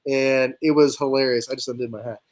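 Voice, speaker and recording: A man's voice: medium pitch, fairly even intonation, brisk. A young man, a baseball player guest, rambling through a casual story and acting out both sides of conversations in quotes. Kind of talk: casual storytelling on a live talk show.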